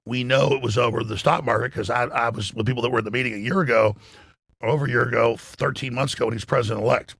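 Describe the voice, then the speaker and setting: A man's voice: medium pitch, fairly even intonation, quick pace, gravelly, fairly bright tone, husky, no echo, studio quality. A man hosting a talk radio show, delivering heated, emphatic political commentary full of profanity and stumbling restarts.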